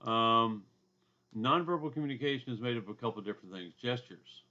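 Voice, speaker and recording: A man with a loud booming voice and a drawl, giving a casual recorded lecture from his home basement, with asides and throat clearing. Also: animated, brisk, highs cut off. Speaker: instructor.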